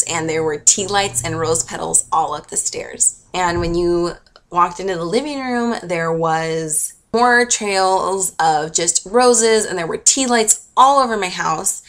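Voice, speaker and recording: Young woman vlogger, low-pitched, chatty and emotional storyteller. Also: fairly bright tone. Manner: gushing and emotional, chatty with many fillers. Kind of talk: casual storytelling to camera.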